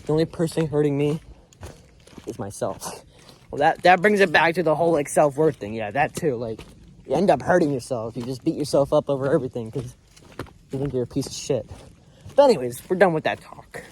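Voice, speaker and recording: Young dude vlogging on a woods walk, kinda high voice, earnest rambly pep talk, faint hiss. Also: male voice, expressive, fairly quick, darkish tone. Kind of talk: casual vlog chat on a walk. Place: outdoors in woods. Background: faint birds and insects.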